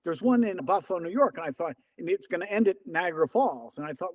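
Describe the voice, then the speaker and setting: A man's voice: a little high, fast talker, hardly any pauses. A man around seventy telling stories in an interview, acting out remembered dialogue. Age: about 70. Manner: lively, acts out remembered dialogue in quotes. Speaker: interview guest, veteran distance runner. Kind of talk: conversational storytelling.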